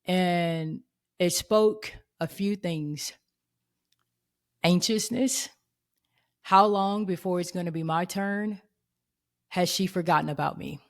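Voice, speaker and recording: A woman in her thirties tells a personal faith story on her podcast. Her voice sits a little low, and she speaks earnestly and expressively, slipping into the voices of the people in her story. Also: slow, long pauses. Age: 30s. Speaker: podcast host.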